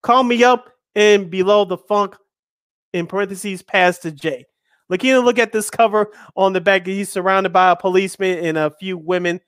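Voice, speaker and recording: Casual sports talk comes from a thirty-something radio host who chats, jokes, and hits each item hard as he reads out lists on air live. His voice sits high with fairly even intonation at normal speed and a fairly bright tone. It's clean studio sound with no room noise.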